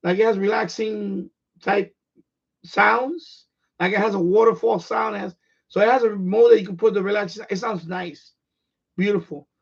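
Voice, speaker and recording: A man with a high, gravelly voice and a breathy edge speaks at a moderate pace in a steady tone. Born in Puerto Rico and raised in the Bronx, he has a New York accent and is a radio hobbyist chatting bluntly on a live stream, rambling and repeating himself. The stream audio is dull and lo-fi.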